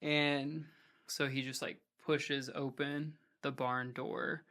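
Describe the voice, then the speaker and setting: A hardcore vocalist, guesting on a podcast, chats casually and rambles, dropping "like" into almost every phrase. He talks slowly in a medium-pitched, level, sharp voice.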